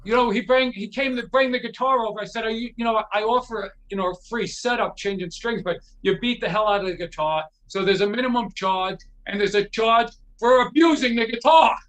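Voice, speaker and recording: A middle-aged man with a high, bright, forceful voice tells a rambling story as a guest. He acts out what each person said and drops the odd curse. It is loose, chatty talk. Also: fairly quick, few pauses. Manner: animated anecdote teller, acts out quotes, swears freely. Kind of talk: casual storytelling.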